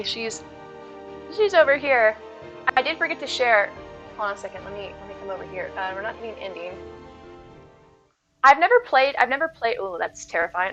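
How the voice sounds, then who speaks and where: A woman's voice: a little high, sharp tone. A woman game streamer chatting casually with her live viewers, laughing often, on slightly dull audio with faint music.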